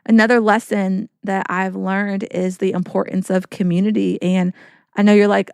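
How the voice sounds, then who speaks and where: Woman podcast host, smooth clear voice, encouraging and earnest, dry close mic. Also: mid-range voice, steady tone, normal speed, no echo. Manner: warm encouraging, earnest, preacherly repetition. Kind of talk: faith-based reflective podcast talk.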